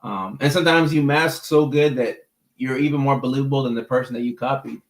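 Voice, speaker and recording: A man's voice: mid-range voice, fairly quick, reverberant. Easygoing man chatting on a livestream. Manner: easygoing and talkative, repeats words while thinking. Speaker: mental health clinician hosting a livestream. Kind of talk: casual livestream chat answering viewer comments.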